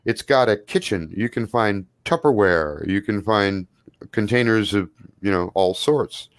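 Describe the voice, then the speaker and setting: Low, dry-voiced male game master. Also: a little slow, no room sound. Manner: relaxed, loose narration with frequent fillers. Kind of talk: narrating a tabletop game.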